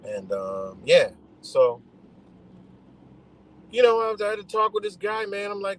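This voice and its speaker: A man's voice: fairly high pitch, big pitch swings, moderate pace, slight background noise, low-quality recording. A man ranting heatedly to his live stream audience, swearing a lot and circling back over his points in an emphatic, repetitive way. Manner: repetitive, restarts mid-thought. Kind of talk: profane ranting monologue.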